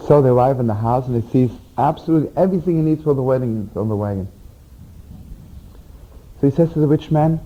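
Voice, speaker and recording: A man's voice: medium pitch, fast talker, long pauses, lo-fi sound. A man, a rabbi and storyteller, tells Hasidic tales animatedly and keeps adding 'you know'. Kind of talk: teaching through Hasidic tales.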